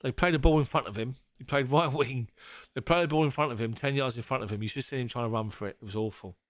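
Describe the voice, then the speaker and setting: A chatty man hosting a live fan stream. He jokes and laughs his way through, and he swears now and then. His voice sits at a middling pitch, and the sound is dry and close to the mic. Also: fast talker, no echo. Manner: jokey, laughs often, swears casually. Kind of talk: casual live-stream chat.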